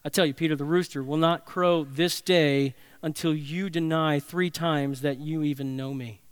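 A man voicing a calm, grave teacher who corrects a friend quietly and firmly. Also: a little high, moderate pace, smooth, dry recording, lightly acted. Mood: gently firm.

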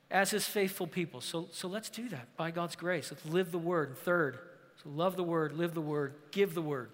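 A pastor with a high, bright voice preaches a sermon at normal speed, earnest and emphatic, pressing his congregation with rhetorical questions. His words ring out through a hall, each phrase trailed by a long reverb.

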